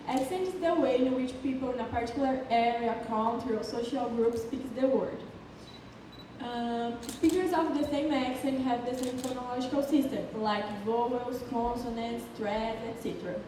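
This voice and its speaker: A woman's voice: a little high, steady tone, normal speed. A woman speaking English with a Brazilian Portuguese accent, giving a prepared student presentation, explaining carefully and stumbling now and then. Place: large city council chamber. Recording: echoey hall from far off with faint noise.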